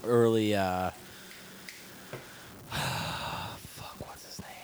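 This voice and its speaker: A man's voice: on the low side, steady tone, drawn-out words, in a whisper. Rambling, slightly drunk man. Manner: rambling, swearing, trailing off. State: a little drunk. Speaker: comedian, podcast host. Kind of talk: casual podcast chat. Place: home.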